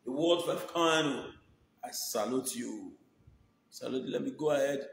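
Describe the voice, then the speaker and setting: A man's voice: medium pitch, a little slow, vocal fry, roomy sound, slight background noise. A Nigerian man chatting casually and thanking his viewers by name, mixing Pidgin with English. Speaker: online video host. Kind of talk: casual shout-outs to viewers.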